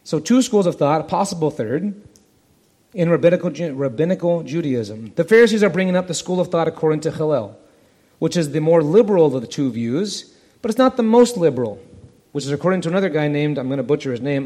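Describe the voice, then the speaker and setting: Animated preacher in a reverberant hall. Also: male voice, on the high side, brisk. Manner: animated, acts out the parable's voices. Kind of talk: expository sermon.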